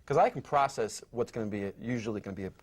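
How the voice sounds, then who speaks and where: A man hosting a casual panel talk show, speaking haltingly with many fillers and restarts. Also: fairly low pitch.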